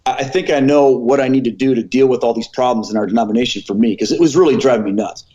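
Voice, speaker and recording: A man in his forties, a former pastor and podcast guest, telling his conversion story in an earnest, animated way with quoted dialogue. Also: mid-range voice, fast talker, highs cut off. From American Midwest.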